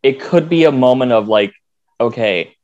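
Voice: medium pitch, expressive, normal speed, a little mellow, dull audio. A guest in a casual chat who rambles, packing the talk with "like" and acted-out quotes.

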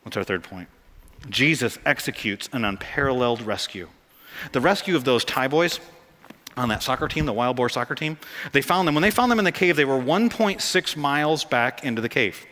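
A man preaching a sermon as pastor, animated and jokey, rising to excited peaks. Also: medium pitch, a little fast. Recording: long hall reverb.

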